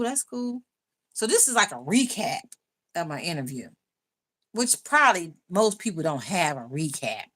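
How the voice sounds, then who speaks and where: A woman's voice: medium pitch, sharp tone. A woman hosting a casual livestream, chatting loosely with viewers, laughing often and reading out their comments. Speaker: YouTube livestream host. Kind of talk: casual live chat with viewers.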